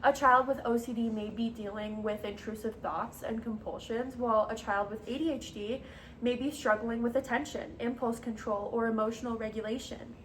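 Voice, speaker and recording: A woman's voice: a little high, fairly even intonation, moderate pace, a little hiss or hum, poor audio. A young woman giving a class presentation, with frequent ums and uhs and a hesitant delivery. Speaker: student presenter.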